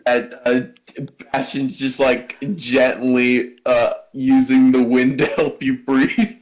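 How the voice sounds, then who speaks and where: A man's voice: medium pitch, flat delivery, slow, rough recording. A man playing a tabletop game, laid-back and chuckling as he describes his character. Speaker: player. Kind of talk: casual tabletop play.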